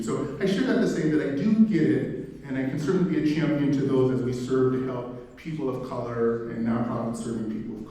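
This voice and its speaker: A man from Indiana, an executive director, gives a keynote in an event hall, conversational and funny, sharing personal stories and asking the audience questions. His voice is mid-range and a little mellow, caught by a far-off mic in an echoey hall.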